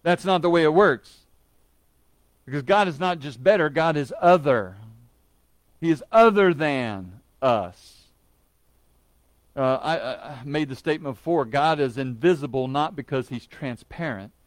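A man's voice: a little high, animated, unhurried, pauses often, dry recording. A man preaching a sermon in an earnest, emphatic way, stressing words by repeating them, with an occasional light joke.

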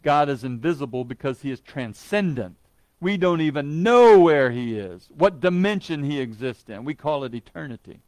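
A man's voice: on the high side, lively intonation, moderate pace, darkish tone, no room sound. A man preaching a sermon in an earnest, emphatic way, stressing words by repeating them, with an occasional light joke.

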